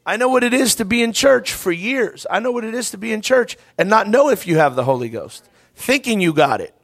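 A man preaching an altar call to a congregation, impassioned and rising to loud, fervent preaching, with a folksy "y'all.". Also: sits high, lively intonation, a little fast. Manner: uses y'all, ain't. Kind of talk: revival altar call sermon. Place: church service with congregation.

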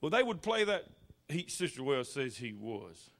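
A man's voice: mid-range voice, big pitch swings, moderate pace, fairly bright tone. A man preaching a sermon in church, telling folksy stories, repeating his words and building to fervent peaks. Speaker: pastor. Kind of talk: sermon with personal anecdotes.

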